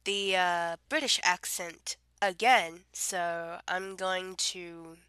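A woman's voice: fairly low pitch, steady tone, slow, pushed and bright, clear, resonant tone, dry recording. A woman with a subtle Southern accent, getting over a cold, chatting casually to camera in a meandering way with many fillers while reading out a word list at home. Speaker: vlogger.

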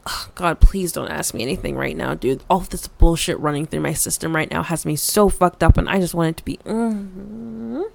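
A woman's voice: fairly low pitch, moderate pace, gravelly, few pauses, slight background noise. A woman voicing a flustered, frustrated young woman in an audio role-play, stammering and swearing with many fillers.

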